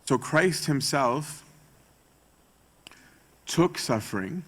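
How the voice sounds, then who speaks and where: A man's voice: medium pitch, lively intonation, extremely slow, a bit bright. A male priest giving a conversational sermon talk, often checking in with a rhetorical "right?". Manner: chatty, tags points with rhetorical "right?".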